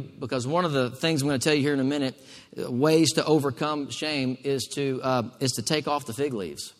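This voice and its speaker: A man's voice: medium pitch, steady tone, fairly quick, long reverb tail. A male pastor preaching a sermon emphatically, calling for responses from the congregation.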